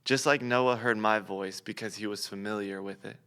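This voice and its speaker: A young man preaches a short devotional with a bright, crisp, smooth voice. He tells his story earnestly, then often slows and drops into a soft, hushed emphasis. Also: lowish voice, fairly even intonation. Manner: earnest storytelling, slowing and softening toward quiet emphasis. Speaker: pastor. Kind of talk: devotional sermon.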